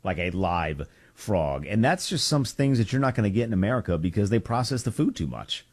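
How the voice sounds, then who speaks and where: A man co-hosting a casual podcast, telling a joking story in a relaxed, rambling way. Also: fairly low pitch, a little fast.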